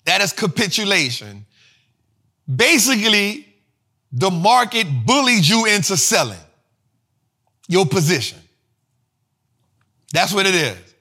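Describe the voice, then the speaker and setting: A man's voice: high-pitched, slow pace, pauses often. A man hosting an investing show, teaching finance terms in a casual, slangy way with lots of repetition. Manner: slangy, repetitive, animated explaining.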